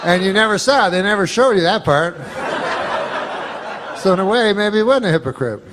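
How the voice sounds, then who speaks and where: A man telling a meandering, foul-mouthed comic story in a flat, deadpan way, full of uhs and likes. His voice sits slightly higher than most men's. There is a constant layer of room noise behind him. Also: brisk. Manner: deadpan, profane, rambling with fillers. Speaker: comedian. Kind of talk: stand-up style storytelling.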